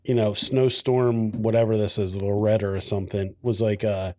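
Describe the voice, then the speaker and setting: A man's voice: fairly low pitch, level tone, moderate pace, warm tone, no echo. Laid-back man with dry humor. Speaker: podcast co-host. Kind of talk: casual chat over beer.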